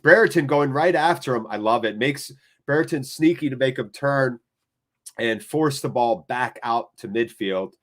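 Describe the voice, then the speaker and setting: An American man hosting a live fan watchalong, calling the play and chatting with viewers in an excitable, chatty way. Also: medium pitch. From United States.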